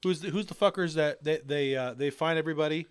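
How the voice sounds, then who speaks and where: A man co-hosting a casual podcast, talking crudely and excitably in loose, rambling banter. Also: on the high side, quick pace, clean tone, no room sound, studio quality. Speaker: podcast co-host.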